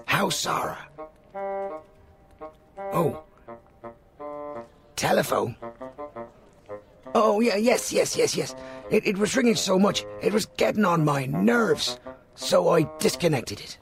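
A man's voice: sits high, lively intonation, takes it slowly, gravelly, long pauses, soft background music, heavily acted. An actor dubbing an anxious man who soothes and reassures the person he talks to while hiding his own troubles. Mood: reassuring. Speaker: shopkeeper. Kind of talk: dubbed film dialogue.

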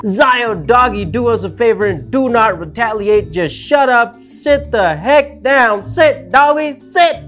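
A man's voice: lively intonation, a little slow, hardly any pauses, fairly bright tone, soft background music, exaggerated voice. A man putting on the voice of frantic, panicking officials who shriek pleading orders. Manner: shrill, pleading and bossy at once.

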